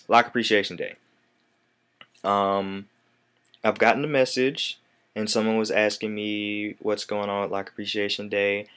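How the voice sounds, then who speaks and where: A man's voice: on the low side, a little slow, pauses often, clear, resonant tone. A young man in his twenties giving a casual, rambling vlog update to his viewers. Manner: relaxed, rambling with fillers. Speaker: vlogger.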